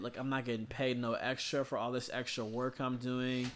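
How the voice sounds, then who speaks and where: A man who works as an emergency room nurse chats on a casual podcast about his shifts, sounding tired. His medium-pitched voice stays steady at a moderate pace while he rambles, swears, and fills his speech with fillers.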